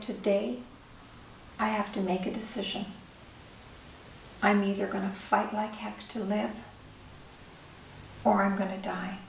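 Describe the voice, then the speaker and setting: A woman's voice: medium pitch, gravelly, darkish tone. Older woman author telling a story in an echoey room, heard from a distance with faint hiss. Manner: vivid storyteller who acts out dialogue. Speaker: author and speaker. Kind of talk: personal storytelling talk.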